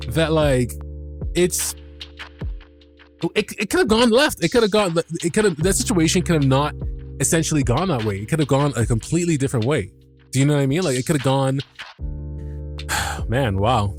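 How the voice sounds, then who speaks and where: Animated, swearing male podcast host. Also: medium pitch. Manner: animated, swears freely, many restarts and fillers. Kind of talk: casual episode recap.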